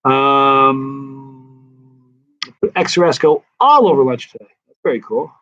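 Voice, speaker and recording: A man's voice: medium pitch, takes it slowly, highs cut off. A man from the East Coast hosting a casual live-stream Q&A, chatting loosely and reading out viewer comments. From United States, East Coast. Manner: relaxed, rambling, reads out viewer comments. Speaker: host of a hot pepper channel.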